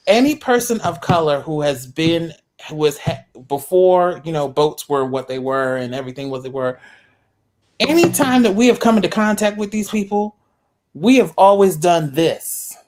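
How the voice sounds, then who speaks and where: A woman speaking on an online panel in an earnest way, repeating words to stress a point and adding apologetic asides. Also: deep voice. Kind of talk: casual panel discussion.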